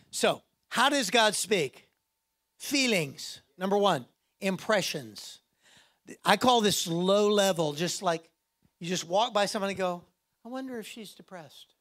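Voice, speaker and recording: A man preaches to his congregation in a high, ringing voice. He is playful and self-mocking, slipping into little acted-out voices for the people he quotes. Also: fairly bright tone. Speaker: pastor. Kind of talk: sermon.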